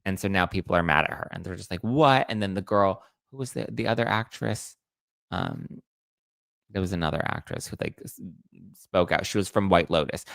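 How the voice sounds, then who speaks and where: A man's voice: on the low side, gravelly, a bit bright, dry recording. A man hosting a casual pop-culture gossip show, snarky and chatty, acting out quotes in mocking voices. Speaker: entertainment news host.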